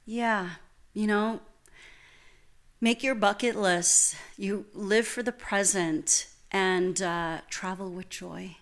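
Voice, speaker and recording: A woman's voice: medium pitch, steady tone, takes it slowly. A woman who is a podcast guest, chatting casually and effusively, laughing often. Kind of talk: casual chat.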